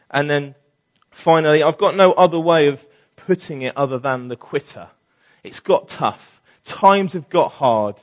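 A man leading a church team, giving a casual, lively sermon with many fillers and acted-out quotes. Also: fairly high pitch, measured pace. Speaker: church team leader preaching.

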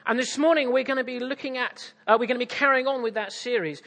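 A man's voice: extremely high pitch, fast talker, creaky, fairly bright tone, long reverb tail. A man from East Anglia with an English accent, preaching a sermon with audience interaction, jovial and self-mocking. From East Anglia, England.

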